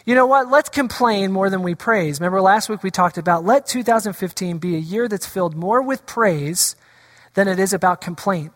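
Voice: mid-range voice, normal speed. Pastor preaching in a reverberant sanctuary. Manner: asks the congregation rhetorical questions; acts out quoted voices of scripture. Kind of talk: sermon. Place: church sanctuary.

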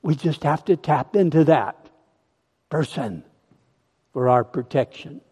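Male pastor, slow emphatic sermon, higher voice, echoey hall. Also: expressive, darkish tone, husky. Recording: long hall reverb.

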